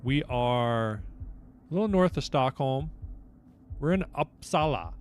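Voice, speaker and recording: A man's voice: medium pitch, expressive, takes it slowly, a little hiss or hum. A man streaming a geography guessing game, talking to himself, self-mocking and blurting out at his misses. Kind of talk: live game commentary.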